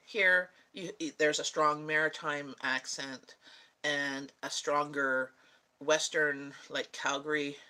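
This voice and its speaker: Bright-voiced chatty woman. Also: sits low, poor audio. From Canada. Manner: rambling and chatty, laughs often. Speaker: vlogger. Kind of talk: casual chat answering viewers.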